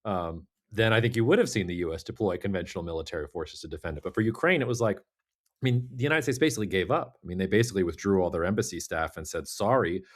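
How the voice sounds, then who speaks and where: Low-voiced man talking fast. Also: expressive. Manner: fast, direct, stammers on starts. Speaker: podcast host. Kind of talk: casual geopolitical discussion.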